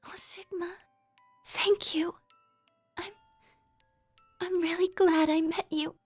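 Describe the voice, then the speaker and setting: A woman voicing a gentle, kind young woman, speaking in a soft, hushed, breathy voice as if fading away. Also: very high-pitched, fairly even intonation, slow, pitched above the performer's own voice. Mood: tender, hushed. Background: faint lo-fi background music.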